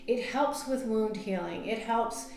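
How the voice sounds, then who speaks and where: A woman's voice: a little high, unhurried, darkish tone, roomy sound, a little hiss or hum. A woman nutrition coach giving casual on-camera health advice, chatty, with many fillers and laughs at herself. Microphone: camera mic.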